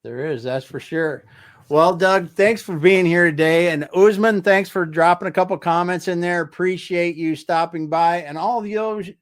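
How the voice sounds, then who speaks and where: Guy hosting a business show, kinda higher voice, thanks everyone at the end. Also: normal speed. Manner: friendly, brief affirmations and wrap-up thanks. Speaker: show host. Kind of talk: interview hosting.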